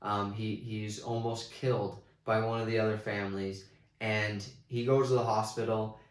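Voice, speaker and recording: A man giving a casual movie review, rambling with many restarts and excited retellings. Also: fairly low pitch, normal speed, echoey room.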